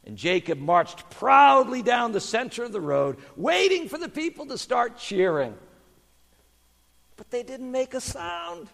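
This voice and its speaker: Animated man telling a sermon story. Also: very high voice, a little slow, vocal fry. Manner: animated storyteller, hushed in prayer. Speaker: pastor. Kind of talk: children's sermon storytelling and prayer. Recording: long hall reverb.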